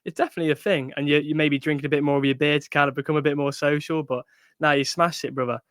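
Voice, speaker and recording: Young man, podcast co-host, supportive conversational tone, slightly higher pitch, dry sound. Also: steady tone, rapid-fire, a bit bright, dry recording. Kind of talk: casual chat.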